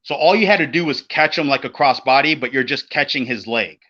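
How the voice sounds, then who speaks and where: A middle-aged man co-hosting a casual podcast, telling an old road story in a profane, animated way and acting out the voices of the people in it. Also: medium pitch, a little fast. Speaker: podcast co-host, former pro wrestler. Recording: dull lo-fi podcast audio.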